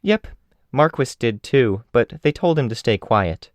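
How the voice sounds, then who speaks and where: A man voicing a sly, quick-witted young woman in an audiobook, speaking in a flippant, wry way. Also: mid-range voice, lively intonation, no room sound, studio quality, pitched above the performer's own voice, natural voice.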